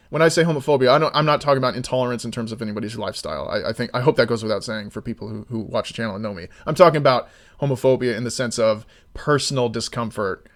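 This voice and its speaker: Rambling, exasperated male streamer. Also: mid-range voice. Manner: rambling, many restarts, gets loud and exasperated. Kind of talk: casual live-stream chat.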